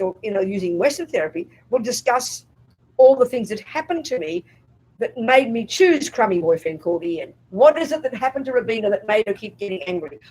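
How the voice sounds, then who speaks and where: A Buddhist nun leads a retreat talk in a slightly husky voice that swings widely up and down in pitch. She is blunt and emphatic and keeps asking the room whether they get her point. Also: darkish tone, rough recording. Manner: emphatic and blunt, asks the audience if they follow; acts out inner voices in quotes. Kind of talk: dharma talk to a live group.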